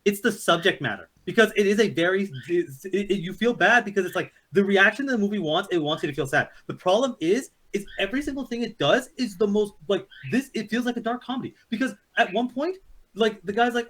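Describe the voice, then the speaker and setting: A high-voiced man talking quickly in a casual movie review chat. His pitch swings a lot as he rambles and swears through a story. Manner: excited, profane, rambling storytelling. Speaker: podcast co-host.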